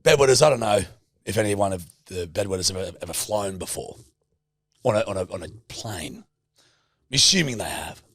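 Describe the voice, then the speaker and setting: A man's voice: lowish voice, lively intonation, brisk, no echo. A man co-hosting a podcast in casual chat, teasing, swearing freely and laughing often. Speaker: podcast co-host.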